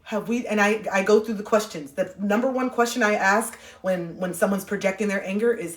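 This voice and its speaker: Earnest woman host talking candidly into a phone, mid pitch, echoey room. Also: fairly quick, few pauses. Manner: earnest, heartfelt, swears casually. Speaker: livestream host. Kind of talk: candid livestream monologue.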